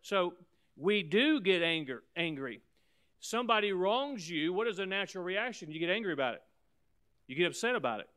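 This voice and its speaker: A man preaching a sermon to his church, fervent, swelling loud on key points and dropping into quick asides. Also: high voice, big pitch swings. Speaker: pastor.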